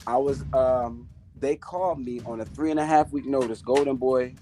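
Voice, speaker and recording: A man, a professional boxer, telling stories, slangy and quick to laugh. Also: mid-range voice, mellow, soft background music. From Rochester, New York. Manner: laid-back, laughs easily, slangy. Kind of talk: casual podcast interview.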